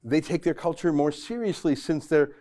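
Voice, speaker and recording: A man's voice: fairly high pitch, moderate pace, mellow. A middle-aged man hosting a political commentary podcast, combative, sarcastic and emphatic. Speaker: host.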